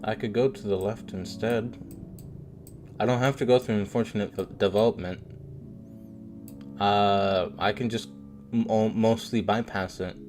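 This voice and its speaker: A man's voice: on the low side, fairly even intonation, unhurried, pauses often. A man streaming a video game, muttering casual commentary to himself, jumpy and nervy as he plays. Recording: faint game music behind.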